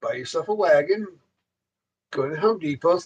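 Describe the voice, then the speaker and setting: A man talks on his livestream in a loose, rambling way, repeating himself and swearing constantly. His voice sits high, and he swings it up and down with a lot of animation as he grumbles. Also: huge pitch swings, moderate pace, long pauses, fairly bright tone, husky, rough recording. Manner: profane, ranting, heavy swearing. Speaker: livestream host. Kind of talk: casual rambling livestream monologue.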